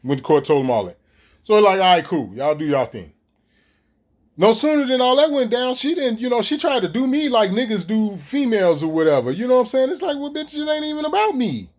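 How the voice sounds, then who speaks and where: Profane, high-voiced man ranting to viewers. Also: brisk. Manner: profane, animated, street slang, talks straight to viewers. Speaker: vlogger. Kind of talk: casual ranting monologue to camera.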